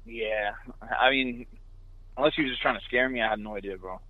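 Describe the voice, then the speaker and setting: A man from New York City, a truck driver, telling a story in casual chat with quick laughing asides. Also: mid-range voice. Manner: fast, animated, laughing asides. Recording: dry tinny phone line.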